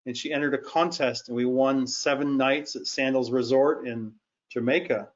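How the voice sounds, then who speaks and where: A man's voice: medium pitch, steady tone, moderate pace. A man on a call, casually telling a story in an easygoing way. His audio is muffled and lo-fi. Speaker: caller. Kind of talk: casual chat.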